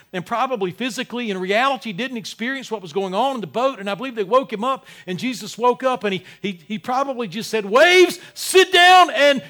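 A man preaching a sermon as pastor, swinging between loud emphasis and quiet, close talk, often repeating words as he restarts. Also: high-pitched.

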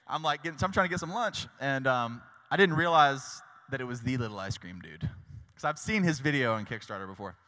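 A man's voice: on the high side, animated, moderate pace, bright, forceful tone. A young man preaching a casual sermon, chatty and full of "like" and "y'all". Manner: chatty, with lots of likes and y'alls. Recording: long hall reverb.

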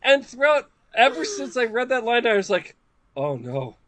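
A man's voice: extremely high pitch, moderate pace, fairly bright tone. A man co-hosting a casual book discussion, talking with frequent hesitations and restarts. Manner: hesitant, many restarts and fillers.

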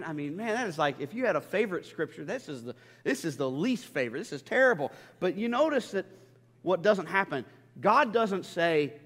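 Guy preaching in church, kinda high voice, chatty then gets loud and emphatic, big echoey hall. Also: big pitch swings, normal speed. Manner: conversational, swells to emphatic peaks. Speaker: pastor. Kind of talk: sermon. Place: church sanctuary. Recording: long hall reverb.

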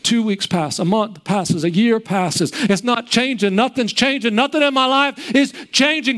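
A male preacher delivers a sermon in a notably high, smooth and clear voice. He works through repeated rhetorical questions and retells the story vividly. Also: a little slow, few pauses, fairly bright tone.

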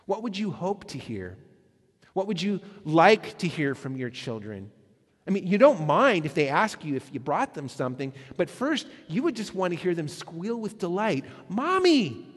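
A man's voice: on the high side, big-room sound. A male pastor giving a conversational sermon, with frequent hesitant fillers and restarts.

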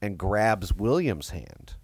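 A man's voice: on the low side, big pitch swings, slow, darkish tone, husky, no room sound. A young man co-hosting a podcast, talking casually about a movie with dry, wandering jokes and frequent restarts. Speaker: podcast co-host.

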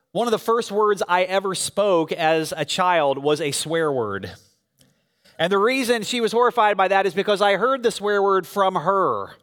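A man's voice: sits high, a bit bright, clear, resonant tone. A man preaching a sermon to a church congregation, speaking conversationally and telling stories with frequent fillers. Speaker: pastor. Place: church sanctuary. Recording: long reverb of a large hall.

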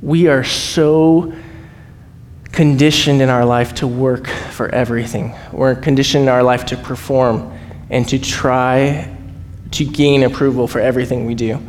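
A man preaching as a missionary, telling stories with lively acted-out voices and frequent laughs. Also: measured pace. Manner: animated, acts out quoted voices, laughs often. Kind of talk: storytelling sermon. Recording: echoey hall, faint rumble.

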